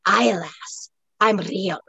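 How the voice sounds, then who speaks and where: A woman voicing a wary Highlander man from the past, speaking with a husky Scottish burr in old-fashioned speech. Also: very slow, sharp tone, dry recording, exaggerated voice. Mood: gruff.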